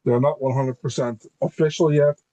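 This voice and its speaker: A man's voice: mid-range voice, steady tone, normal speed, warm tone, no room sound, dull audio. Blunt male fight analyst, dry sound. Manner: blunt, swears, repeats words while thinking. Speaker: MMA analyst guest. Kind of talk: casual podcast chat.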